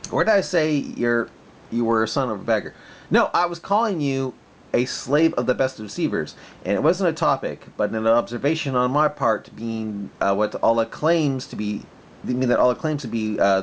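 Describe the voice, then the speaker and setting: Argumentative man with lively pitch. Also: a little hiss or hum. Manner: argumentative, repeats himself and restarts. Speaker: video maker replying to a critic. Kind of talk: casual argumentative commentary.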